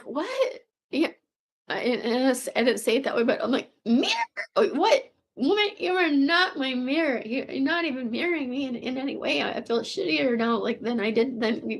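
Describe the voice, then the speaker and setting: A woman in her fifties with a gravelly voice, telling a personal story in a rambling, profane way, full of restarts and repeated words. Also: a little high. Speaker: vlogger. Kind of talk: casual confessional storytelling.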